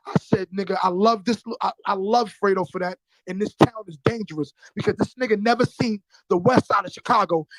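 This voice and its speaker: Streetwise New rapper, high voice, animated storyteller, close dry mic. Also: male voice, no room sound, rough recording. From New York. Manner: streetwise, profane, acts out voices in his stories. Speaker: rapper guest.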